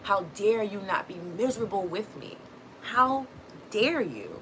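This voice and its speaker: A woman's voice: medium pitch, expressive, unhurried, a bit bright, slight background noise, poor audio. A woman putting on the voice of a resentful parent who scolds and demands attention. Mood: indignant. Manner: indignant, scolding.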